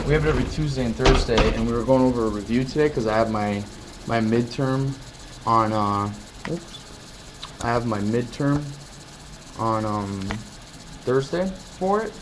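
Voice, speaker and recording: A man's voice: mid-range voice, noisy background. A young man vlogging in a casual chat, telling rambling, upbeat stories full of fillers.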